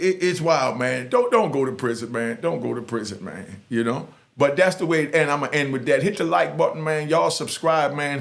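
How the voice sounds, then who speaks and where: An emphatic, streetwise man with a New York accent talks straight to the camera in front of a green screen. His voice sits at an ordinary middle pitch, and he keeps the talk loose and direct, circling back to the same point again and again. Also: gravelly. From Harlem, New York. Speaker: YouTuber giving advice to youth.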